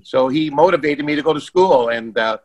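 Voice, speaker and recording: A man's voice: fairly high pitch, brisk, a little mellow, highs cut off. A man on a panel asking earnest, reflective questions and sharing memories over a video call. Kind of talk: casual panel chat.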